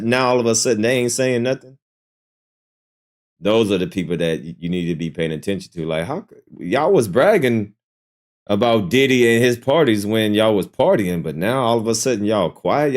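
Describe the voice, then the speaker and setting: A man in casual commentary, swinging between quiet asides and loud outbursts. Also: mid-range voice. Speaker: reaction channel host.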